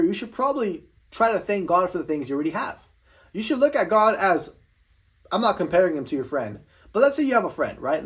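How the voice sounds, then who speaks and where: A young man giving a blunt, profane motivational rant, swearing constantly and tripping over repeated words. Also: sits high. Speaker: vlogger.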